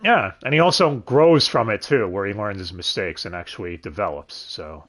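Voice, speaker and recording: Animated man reviewing an anime dub. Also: on the low side, moderate pace. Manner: animated, swearing, laughs often. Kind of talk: casual chat.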